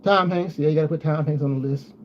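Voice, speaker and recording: A man's voice: on the high side, fairly even intonation, fast talker. A man chatting casually to his viewers, rambling and repeating himself as he goes. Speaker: vlogger. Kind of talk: casual chat. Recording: dull lo-fi sound with faint noise.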